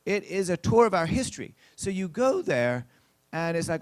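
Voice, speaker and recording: Chatty pastor telling a story, dry sound. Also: male voice, high-pitched, sing-song, moderate pace, darkish tone, dry recording. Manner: chatty anecdotal telling with acted-out quotes; addresses the congregation directly. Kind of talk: storytelling sermon.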